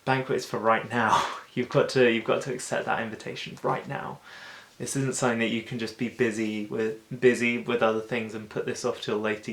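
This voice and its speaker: A man giving an informal, chatty Bible talk as host of a daily video show, slipping into quick acted-out asides. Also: medium pitch, fairly even intonation, fairly bright tone, reverberant. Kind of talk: casual Bible teaching.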